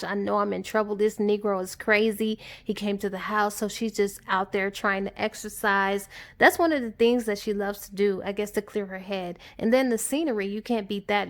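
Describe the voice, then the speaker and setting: A woman giving a casual, animated movie recap in a chatty storytelling manner. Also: medium pitch. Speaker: movie reviewer on her channel.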